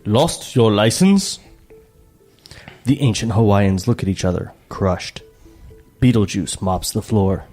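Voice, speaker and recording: A man's voice: fairly low pitch, unhurried, dark tone, husky, faint music behind. A man co-hosting a comedy table read, narrating stage directions plainly with joking asides. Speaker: co-host and narrator. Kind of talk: reading stage directions aloud.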